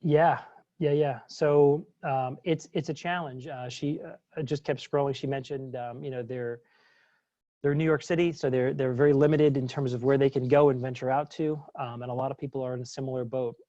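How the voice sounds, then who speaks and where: A man's voice: medium pitch, steady tone, normal speed, dark tone, no room sound. A man gives a casual webinar talk as a former psychologist, chatty and full of fillers and restarts. The sound is dry and a little dull, like a computer mic on a video call.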